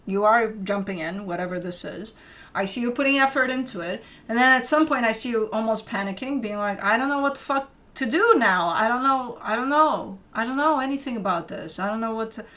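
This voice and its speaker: Woman, young adult, tarot reader, rambling casual talk, fillers and restarts, mid pitch. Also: a bit bright. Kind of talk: casual spoken tarot reading.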